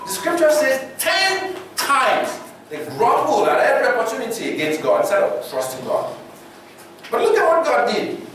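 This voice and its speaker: Animated Nigerian preacher in echoey hall. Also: male voice, very high-pitched, moderate pace, recorded from a distance, a little hiss or hum. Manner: animated, dramatizing scripture stories. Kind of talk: sermon. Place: church hall.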